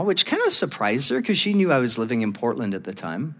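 High-pitched guy preaching in a church, lively storyteller, lots of hall echo. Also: a little fast. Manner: storytelling, animated, laughs often. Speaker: pastor. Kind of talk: sermon.

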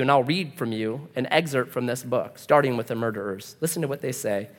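Preaching briskly with few pauses, a male pastor brings his sermon's stories to life by performing the quoted voices. His voice is mid-range, and a long reverb tail trails his words.

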